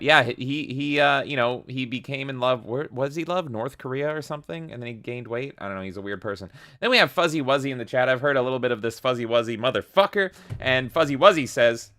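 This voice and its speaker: A man's voice: mid-range voice, fairly quick, bright, forceful tone. A man hosting a livestream, casually reading viewers' chat messages aloud and swearing offhandedly. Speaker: livestream host.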